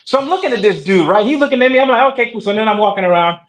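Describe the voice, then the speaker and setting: A man, telling a story on a casual talk show. He acts out the voices of the people in it with lively energy. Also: high-pitched, very fast, low-quality recording. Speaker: guest.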